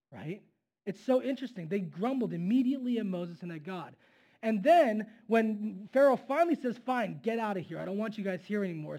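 A man's voice: high voice, a little mellow. A man preaching a casual, conversational sermon, throwing in asides and questions to the listeners.

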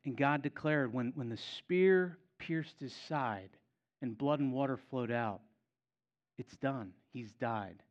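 A man's voice: medium pitch, unhurried, dull audio. A man preaching a sermon as pastor, emphatic and repeating key phrases for effect.

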